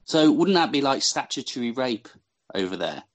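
A man in a mid-pitched voice chats casually about a film. He drops wry, deadpan questions and asides as his co-host recaps the plot. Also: normal speed. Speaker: podcast co-host.

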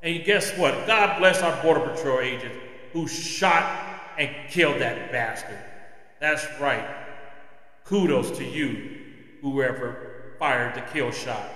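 A man's voice: mid-range voice, slow, pauses often, bright, forceful tone. A man hosting his own podcast, delivering an impassioned, preachy opinion monologue. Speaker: podcast host. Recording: echoey room with long reverb.

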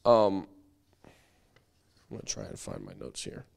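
A man teaching a church Bible study, conversational and lively, acting out little quoted voices as he explains. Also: rumbling low, slow, creaky.

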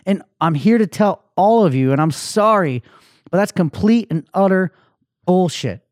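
A male podcast host tells a personal story in a candid, emotional monologue, swearing freely and stumbling through restarts. His voice sits a bit high for a man, and the recording is close and dry with no room sound. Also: lively intonation, normal speed, a little mellow, dry recording. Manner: candid, emotional, profane, many fillers and restarts.

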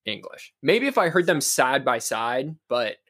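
A man's voice: medium pitch, very animated, a little slow, a bit bright, husky. A man co-hosting a casual podcast chat, joking around and calling out live sports scores. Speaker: podcast co-host.

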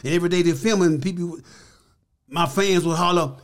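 Older guy guest on a podcast, kinda high voice, folksy, keeps repeating himself for emphasis. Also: a little fast. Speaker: interview guest. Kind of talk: casual storytelling.

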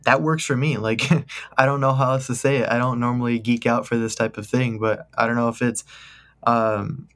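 A man's voice: mid-range voice, fairly even intonation, normal speed. Give me a young man who chats casually and enthusiastically, with loose jokes and tangents. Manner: joking, rambling, enthusiastic. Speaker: podcast co-host. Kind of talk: casual chat.

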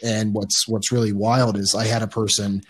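A man's voice: fairly low pitch, flat delivery, moderate pace, a little hiss or hum. A man guest on a podcast, telling a story casually in a rambling way, with restarts and swearing.

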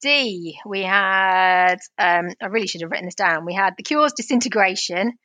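A woman's voice: medium pitch, animated, normal speed, sharp tone, no room sound. A woman co-hosting a podcast, talking in an easygoing, wry way about music. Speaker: podcast co-host. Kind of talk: casual chat about music.

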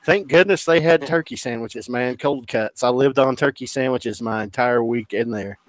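A man's voice: mid-range voice, normal speed. A man recovering from a leg amputation tells a hospital story in casual, profane chat, acting out the people he quotes. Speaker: podcast host telling a story.

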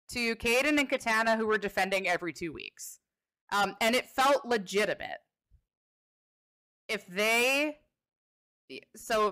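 A woman co-hosting a casual talk show, with a bright, forceful voice. She chats in a playful, loose way and teases about her own predictions. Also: medium pitch. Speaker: podcast co-host. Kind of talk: casual wrestling chat.

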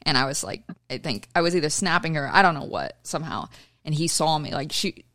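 A woman's voice: low voice, lively intonation, fairly quick, fairly bright tone, no room sound, clean studio sound. A young woman from Kansas in a casual family chat, rambling and trailing off, full of fillers. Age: young adult.

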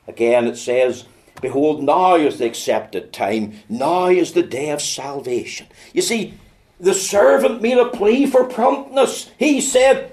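A man preaching a sermon, swinging from hushed storytelling to loud, urgent pleading. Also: a little high, animated, unhurried.

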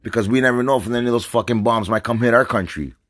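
A man's voice: mid-range voice, fast, a bit bright, dry recording. A man from North America ranting to his viewers, agitated and profane, rambling and repeating himself while drinking and smoking. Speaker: vlogger. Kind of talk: stream-of-consciousness rant to camera.

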